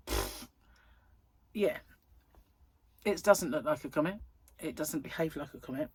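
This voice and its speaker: Husky-voiced woman in her thirties, rambling. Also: lowish voice, sing-song, measured pace, long pauses. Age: 30s. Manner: rambling and chatty, with frequent fillers. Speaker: crochet vlogger. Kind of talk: casual chat.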